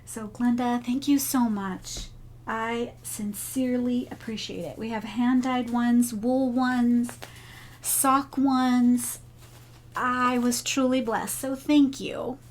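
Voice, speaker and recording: A woman's voice: on the high side, steady tone, slow. A woman vlogger chatting casually about crochet and gifts, sentimental and thankful. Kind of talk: casual chat.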